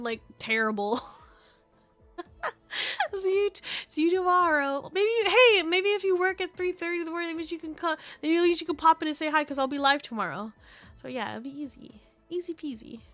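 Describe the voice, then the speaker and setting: A woman streaming a card game, chatting casually with viewers, excitable and laughing often. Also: high-pitched. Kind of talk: casual chat while gaming. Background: game music.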